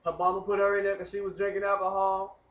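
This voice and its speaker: A man telling a rambling personal story in casual, animated talk. He speaks straight to the viewer and keeps asking whether they follow. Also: sits high, fast talker, dull audio. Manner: animated, talks straight to the viewer, keeps asking "you know what I mean". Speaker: vlogger telling his story.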